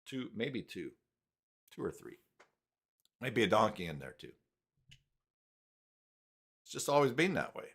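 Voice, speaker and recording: A man's voice: lowish voice, sing-song, measured pace, vocal fry, long pauses, a bit bright, husky. A man hosting a casual live stream, rambling and reading chat messages aloud.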